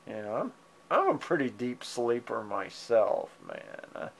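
A man at home chatting fondly to his cats while filming them, meowing at them and chuckling softly, recorded on a handheld camera. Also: mid-range voice, big pitch swings, unhurried, vocal fry, a little hiss or hum. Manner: fond, coaxing pet talk, meows at the cats, soft chuckles. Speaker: cat owner filming his pets. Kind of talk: casual talk to his cats. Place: at home indoors. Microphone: handheld digital camera mic.

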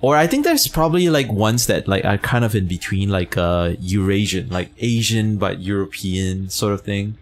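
Low-ish guy streaming a game, chatty and teasing, swears a lot, lots of "like". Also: normal speed, few pauses. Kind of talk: casual gameplay commentary, reading chat.

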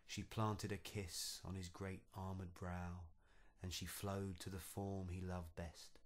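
Guy reading his own fairy tale poem, deep voice, slow, rhythmic. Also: little pitch movement. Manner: measured, rhythmic recitation. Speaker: poet and narrator. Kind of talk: storybook verse narration.

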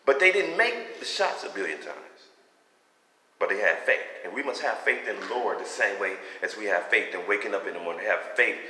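A man's voice: lowish voice, big pitch swings, brisk, sharp tone, slight background noise. A man giving a personal faith testimony in a fervent, rambling, conversational preaching manner. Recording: echoey room with long reverb.

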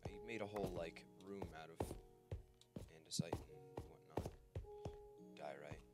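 A man giving casual, excitable let's-play commentary, chatting to the creatures he meets and yelping when they rush him. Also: sits low, a little slow. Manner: excitable, talks to the creatures on screen, yelps in panic. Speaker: gameplay commentator. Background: game music.

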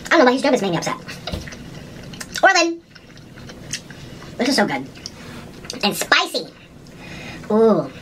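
A woman's voice: mid-range voice, very animated, a little fast, long pauses, a bit bright, a little hiss or hum, low-quality recording. A woman doing a casual mukbang, chatting at home while she eats, often humming and saying "ooh" between bites. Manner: chatty, talks while eating, little hums and ooh sounds. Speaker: vlogger.

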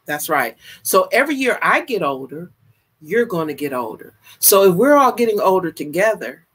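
A woman in her fifties hosting a casual live stream, greeting viewers with exuberant shouts and drawn-out, playful calls. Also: lowish voice, big pitch swings, husky. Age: 50s. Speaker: livestream host.

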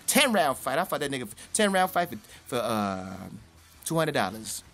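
A young man giving casual, profane commentary as a boxing YouTuber, rambling in slang with sudden high-pitched outbursts. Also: big pitch swings, normal speed, a bit bright.

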